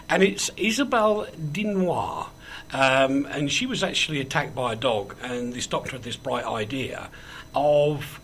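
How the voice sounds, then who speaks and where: A man's voice: medium pitch, a bit bright, a little hiss or hum. A man hosting a casual radio chat show, joking and rambling with frequent ums as he moves between banter and news. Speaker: host.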